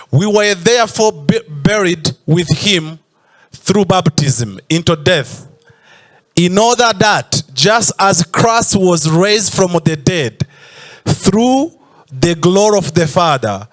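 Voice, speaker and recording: A man preaching a sermon in church, stretching out emphatic phrases and sometimes breaking into a sung tone. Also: high-pitched. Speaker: pastor.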